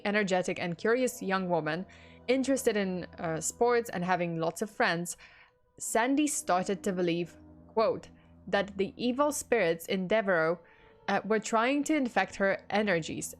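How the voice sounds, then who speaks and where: Chatty young woman streaming true crime. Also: medium pitch. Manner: chatty, laughs often, swears casually. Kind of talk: casual livestream narration with chat replies. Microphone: desktop USB mic.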